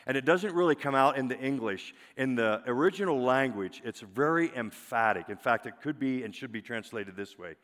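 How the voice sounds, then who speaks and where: A man preaching a sermon as pastor, emphatic, often dropping to a soft, drawn-out single word for weight. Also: mid-range voice, lively intonation. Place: church sanctuary. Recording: long hall reverb.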